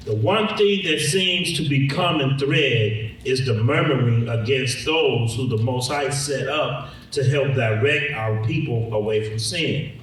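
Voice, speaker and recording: A man reading a written commentary aloud to a congregation at a steady pace. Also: medium pitch. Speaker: congregation reader. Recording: echoey room, mic far off.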